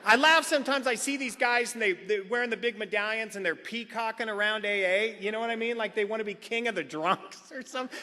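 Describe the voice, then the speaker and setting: Speaking high and a little fast with few pauses, a middle-aged man shares comically at a recovery meeting. He's an animated storyteller who acts out the quotes in his tales, and the sound reverberates like a hall.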